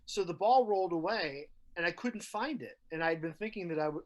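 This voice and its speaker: A man's voice: sits high, expressive, a little fast. A man co-hosting a podcast, telling stories in a chatty way with many fillers. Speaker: podcast co-host. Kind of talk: casual chat.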